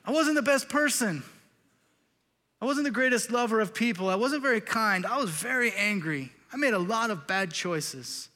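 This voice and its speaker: A middle-aged male pastor preaching a sermon in a church sanctuary, earnest and confessional, rising to loud emphasis and dropping to quiet intensity. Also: high-pitched, expressive, normal speed, big-room sound.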